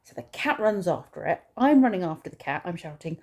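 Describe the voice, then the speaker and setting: A woman's voice: on the low side, lively intonation, a little fast, a little mellow. A woman vlogging casually outdoors in a garden, chatting and rambling through her chores and stories. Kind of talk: casual vlog chat.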